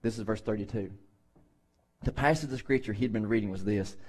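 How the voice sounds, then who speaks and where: A man's voice: on the low side, a little fast, pauses often, breathy edge. A man pastor preaching a sermon in a conversational way, acting out the people in Bible stories with voices.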